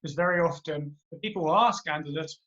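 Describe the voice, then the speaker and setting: A man's voice: fairly high pitch, a little fast, bright, forceful tone. A British man co-hosting a comedy podcast, talking films in a hesitant way with many restarts. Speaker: podcast co-host. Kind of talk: casual movie chat. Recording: muffled lo-fi audio.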